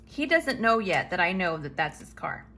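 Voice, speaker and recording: A woman's voice: on the low side, normal speed. A woman hosting a planning channel, telling a chatty story and acting out the dialogue. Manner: animated storyteller who acts out quoted dialogue.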